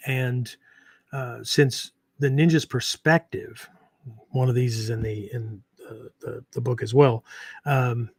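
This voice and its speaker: Rambling middle-pitched man, dry sound. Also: no echo. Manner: rambling, many fillers and restarts, frequent "right?". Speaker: podcast host and martial arts teacher. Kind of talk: casual unscripted talk.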